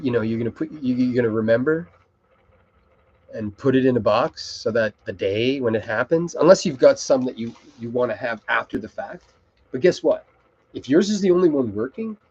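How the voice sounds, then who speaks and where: A man's voice: medium pitch, a little mellow, breathy edge, dull audio. A middle-aged man hosting a live web show, rambling and swearing casually as he talks. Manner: rambling, swears, easily distracted.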